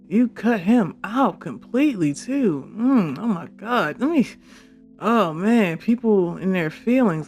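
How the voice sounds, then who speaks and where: Excitable gamer commentating a playthrough. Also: mid-range voice, takes it slowly. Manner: animated, exclaiming, laughing often. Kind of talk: casual let's-play commentary. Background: game music.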